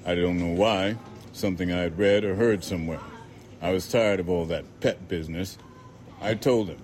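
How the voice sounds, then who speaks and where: A man narrates a novel in the first person, his voice sitting low and steady. His delivery is measured and dry, letting ironic lines land without extra push. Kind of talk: audiobook narration.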